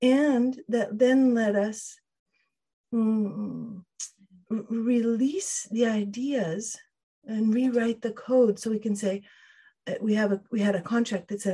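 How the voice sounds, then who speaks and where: Woman guest on a podcast, husky mellow voice, pitch on the high side, stops and restarts a lot. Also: fairly even intonation. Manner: thoughtful, halting restarts, quotes inner voices. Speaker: podcast guest, emotional wellbeing trainer. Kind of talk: explanatory interview talk.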